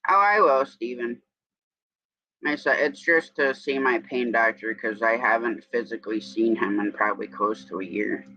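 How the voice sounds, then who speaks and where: A man's voice: mid-range voice, normal speed, no room sound, muffled recording. A man from New York with an upstate New York accent, hosting a casual morning live stream and chatting in a rambling way while greeting viewers.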